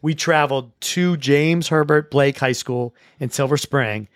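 In an easygoing way, a man hosts a school sports show and recaps games in an ordinary mid-range voice, speaking a little slowly. He often stumbles, restarts sentences and repeats words in this casual chat. The recording is close and dry, with no room echo.

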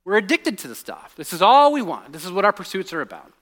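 High, bright-voiced man preaching casually. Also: fast. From United States. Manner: animated storytelling, drops to a hushed voice on serious points, many restarts. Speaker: pastor. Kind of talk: conversational sermon.

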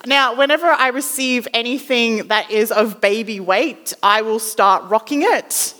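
A woman's voice: fairly high pitch, unhurried. Chatty young Australian woman in a hall. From Western Australia. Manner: chatty, self-deprecating, animated quoting. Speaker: ministry student preaching. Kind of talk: storytelling sermon. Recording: long hall reverb.

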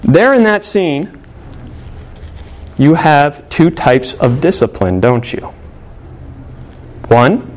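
A man preaching a sermon at a middle pitch, earnest and conversational. He tells a story to his congregation with frequent small fillers and restarts, then turns to direct, plain exhortation. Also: darkish tone. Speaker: pastor.

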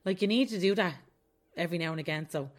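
A woman's voice: lowish voice, quick pace. A young adult woman hosting her own podcast, talking candidly and confessionally in a casual way and often laughing mid-sentence. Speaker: podcast host. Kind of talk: casual solo podcast talk.

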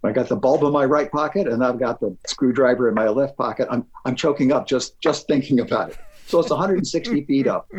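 A man telling an animated story as an interview guest, often stammering and restarting. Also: medium pitch, fairly quick. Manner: lively, stammering restarts, acts out dialogue.

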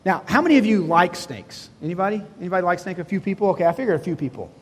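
High-voiced, husky preacher in a hall. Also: male voice, expressive, rapid-fire. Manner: conversational preaching, asks the congregation questions, voices God and Moses in quotes. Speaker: pastor. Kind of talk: sermon. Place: church hall before a congregation.

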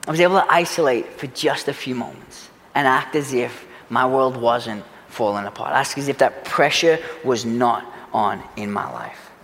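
A man preaching a sermon as a pastor, earnest, swinging from loud urgency to hushed reflection. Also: mid-range voice, normal speed, few pauses, big-room sound. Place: church sanctuary.

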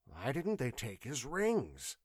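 A man's voice: mid-range voice, wildly swooping pitch, slow pace, breathy edge, no room sound, clean studio sound, pitched above the performer's own voice, heavily acted. A man voicing a nervous male city watchman who talks in a raised, strained voice. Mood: uneasy.

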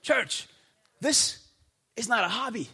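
A man from the United States preaching a sermon in church with impassioned shouting and rhetorical questions. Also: very high voice, animated, slow, creaky, slightly rough. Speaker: pastor. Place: church before a congregation.

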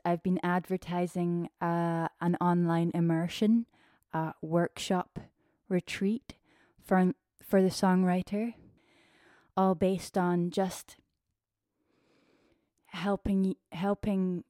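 A woman's voice: lowish voice, dry recording, studio quality. Breathless, chatty woman podcast host. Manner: chatty, warm-hearted, free-flowing with fillers. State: a little out of breath. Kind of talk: casual solo podcast talk.

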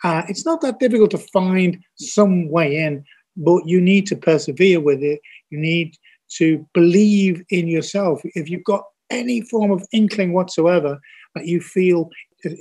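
A man's voice: sits high, measured pace, darkish tone. An older man with a Scouse accent, a TV producer speaking as a podcast guest in a blunt, earnest, folksy way. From Liverpool, England. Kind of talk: podcast interview.

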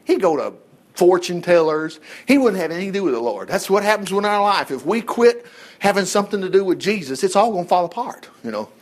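A man's voice: high voice, fairly quick. A man teaching a Bible story informally, acting out the characters and joking as he goes. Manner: animated storytelling, acts out voices, jokes and chuckles.

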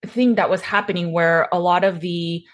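A woman's voice: fairly low pitch, fairly even intonation, normal speed. A woman hosting an interview, speaking reflectively and personally about her own experience. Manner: reflective, personal, occasional laughs. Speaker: podcast host. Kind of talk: casual interview talk.

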